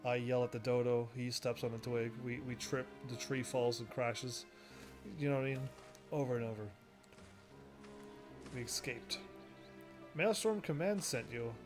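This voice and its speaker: A man casually commentating while he plays a game, rambling and quick to laugh at it, with game music behind him. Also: mid-range voice, flat delivery. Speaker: gaming video host. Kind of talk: casual let's-play commentary.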